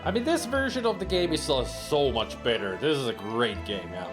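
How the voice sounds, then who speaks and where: A man's voice: medium pitch, expressive, normal speed, music in the background. A man streaming a horror game, reading its text aloud and commenting. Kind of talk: gameplay commentary.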